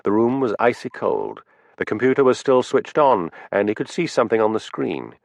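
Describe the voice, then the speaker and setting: Male audiobook narrator, low voice. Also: big pitch swings, normal speed, vocal fry, no echo. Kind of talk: scripted narration.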